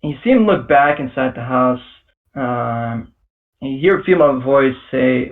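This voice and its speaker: A man's voice: mid-range voice, expressive, moderate pace, far from the mic, phone-quality sound. A man narrating as game master in a tabletop game, hesitant and full of fillers. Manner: hesitant, filler-heavy, laughs often.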